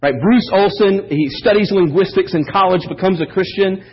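A man preaching a sermon as pastor, telling stories in an animated, joking way. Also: high voice, normal speed, slightly rough. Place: church service. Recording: dull lo-fi sermon audio.

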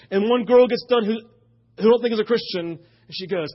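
A middle-aged pastor, preaching and telling a story, swinging between loud punches and hushed moments. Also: male voice, very high voice, lively intonation, measured pace, husky, dull audio. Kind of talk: sermon.

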